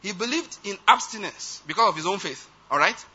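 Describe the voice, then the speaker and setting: A man's voice: high-pitched, animated, brisk, sharp tone, breathy edge. A man preaching a conversational sermon, often checking whether listeners follow his point. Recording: dull lo-fi sound.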